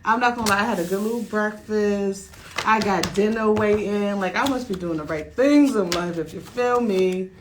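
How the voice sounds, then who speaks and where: Loud lively radio host woman. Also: medium pitch, normal speed, background noise. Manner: loud, lively, slangy hype talk. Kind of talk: casual radio chat.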